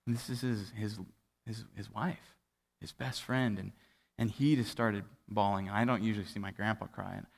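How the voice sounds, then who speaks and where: Low-voiced man preaching in a reverberant hall. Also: fairly even intonation, normal speed, creaky. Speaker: pastor. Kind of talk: sermon. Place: church auditorium. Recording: livestreamed with long hall reverb.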